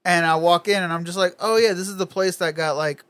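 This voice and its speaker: A man's voice: high voice, fairly even intonation, a little fast, fairly bright tone, clear, resonant tone, dry recording. A young man telling a laid-back story in casual chat, laughing and swearing freely.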